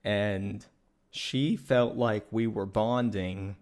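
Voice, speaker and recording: A man's voice: lowish voice, fairly even intonation, darkish tone. Earnest man telling a dating story. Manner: earnest, measured, matter-of-fact retelling. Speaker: podcast co-host. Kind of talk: personal storytelling.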